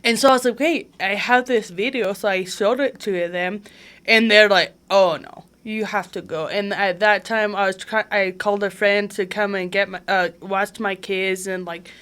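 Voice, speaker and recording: A woman speaking at a middle pitch for her sex, recounting events as an interview guest. Her delivery is casual and lively, with a steady stream of "like" fillers. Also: moderate pace, clear, resonant tone. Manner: chatty and animated, heavy use of "like" fillers. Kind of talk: casual conversational storytelling.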